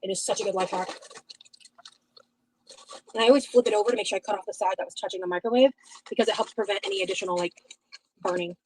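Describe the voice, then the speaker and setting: A woman talks in an easy, chatty way at a middle pitch. Now and then she pauses to eat. A faint hiss of noise sits behind her voice. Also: low-quality recording. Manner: relaxed, chatty, eats while talking. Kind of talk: casual video talk.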